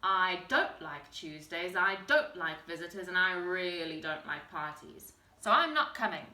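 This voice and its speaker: A grumpy male troll from a storybook growls his words out gruffly and with force, as a woman reads him aloud. His voice rings bright and sharp in an echoey room. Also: fairly low pitch, big pitch swings, a little slow, distant mic, pitched below the performer's own voice, exaggerated voice.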